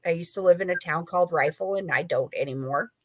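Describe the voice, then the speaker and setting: A woman's voice: lowish voice, fast, slight background noise. A woman author talking as a guest, rambling through a story with lots of fillers. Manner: rambling, filler-heavy, chatty. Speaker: author and paranormal investigator guest. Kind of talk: casual storytelling interview.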